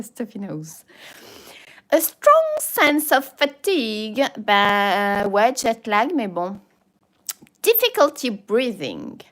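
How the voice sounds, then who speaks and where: French-accented woman on a livestream, kinda high voice that bounces all over, chatty and playful. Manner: reads forms aloud with playful asides, slips into French interjections, laughs often. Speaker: YouTuber. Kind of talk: casual livestream chat.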